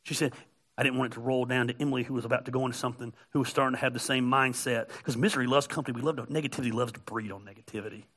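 A middle-aged male pastor giving a conversational, joking sermon that builds to loud, emphatic peaks. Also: mid-range voice, steady tone, racing.

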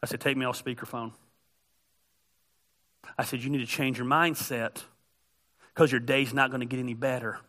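Man, pastor, sermon, chatty and joking, bursts of loud emphasis, bright ringing voice. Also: medium pitch, steady tone, moderate pace, pauses often. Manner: conversational, jokey preaching that rises to loud emphatic peaks.

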